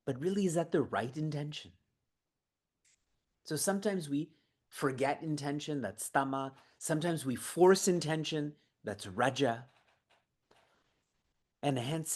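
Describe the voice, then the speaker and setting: A man's voice: a little high, lively intonation, a little slow, pauses often, darkish tone. A man running an online training session from his prayer room, asking the audience questions and laughing between points. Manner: engaging, asks the audience questions. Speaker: seva training guide.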